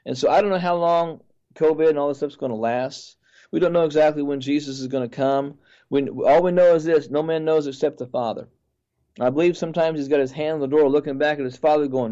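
A man's voice: fairly high pitch, steady tone, fairly quick, mellow, dull audio. A man who is a pastor and a guest on the show, speaking earnestly and often repeating words as he talks. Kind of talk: sermon-like testimony.

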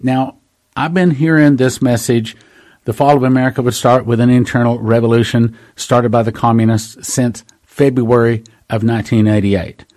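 A man's voice: medium pitch, fairly even intonation, normal speed, darkish tone. Man, prophecy talk host, earnest preaching monologue, reads dates and quotes. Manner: earnest, addresses listeners as brothers and sisters.

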